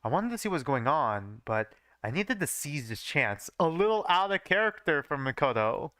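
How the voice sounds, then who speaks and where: A man's voice: on the high side, big pitch swings, moderate pace, a bit bright, no room sound, studio quality. Young man laughing at his own fanfiction. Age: young adult. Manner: swears casually and laughs at his own writing. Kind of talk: live reading with joking asides.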